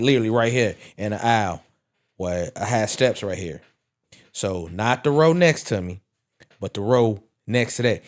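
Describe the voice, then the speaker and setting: An animated man telling wrestling stories. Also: medium pitch. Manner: animated storytelling, swears freely. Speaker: wrestling podcast panelist. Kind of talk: casual chat.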